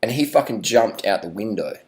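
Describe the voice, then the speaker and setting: A man's voice: lowish voice, animated, brisk. An Australian man rambling through a sarcastic, mock-serious vlog rant with plenty of swearing. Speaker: vlogger.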